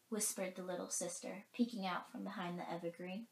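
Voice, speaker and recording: A woman narrating a picture book aloud in a gentle, animated way, adding her own remarks between the lines. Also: on the low side, moderate pace, creaky, hardly any pauses. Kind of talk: storybook read-aloud with commentary. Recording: roomy echo.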